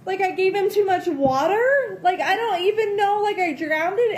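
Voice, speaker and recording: A woman's voice: very high-pitched, lively intonation, moderate pace, hardly any pauses, slight background noise. A woman talking through a phone call, distraught and swearing often, her voice rising and breaking. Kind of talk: emotional phone conversation.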